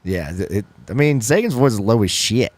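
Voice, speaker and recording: Casting: profane, rambling man in banter, lively swinging pitch, dry close sound. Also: normal speed, no echo. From Georgia, US. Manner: rambling, profane, laughing, slips into mimicked voices. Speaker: band member and podcast co-host. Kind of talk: casual banter.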